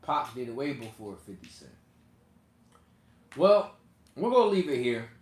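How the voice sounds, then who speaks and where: A channel host offers casual commentary to viewers from an echoey room with faint noise. His mid-range voice is sing-song and measured in pace, and his manner is loose and rambling, with frequent laughter.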